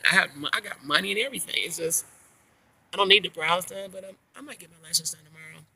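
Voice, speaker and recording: Speaking low and fast with a gravelly, husky quality, this middle-aged woman is a grandmother vlogging in a relaxed chat. She rambles through lively, slang-heavy stories.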